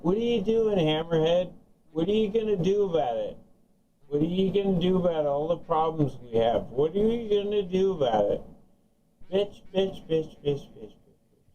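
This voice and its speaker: A man's voice: high-pitched, animated, moderate pace, dark tone, recorded from a distance, lo-fi sound. A man talking over CB radio, heated and profane, taunting another operator again and again. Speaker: CB radio caller.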